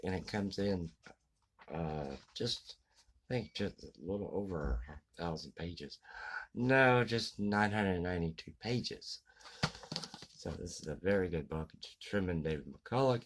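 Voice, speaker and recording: A man giving a casual book review, halting with many fillers and restarts. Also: low-pitched, fairly bright tone, slight background noise, poor audio. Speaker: book vlogger.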